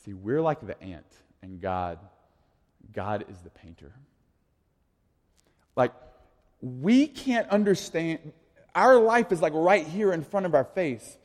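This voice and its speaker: A man's voice: on the high side, very animated, slow pace, pauses often. Casual preacher man in an echoey hall. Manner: casual, conversational, full of "like" and restarts. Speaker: youth pastor. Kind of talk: sermon.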